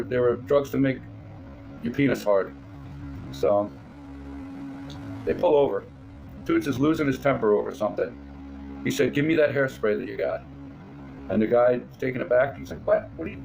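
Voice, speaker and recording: A middle-aged man with a gravelly, fry-edged voice rambles through a crude, mocking story, stopping and restarting often. Faint music plays behind him. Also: medium pitch. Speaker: channel host. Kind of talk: casual rambling storytelling to camera.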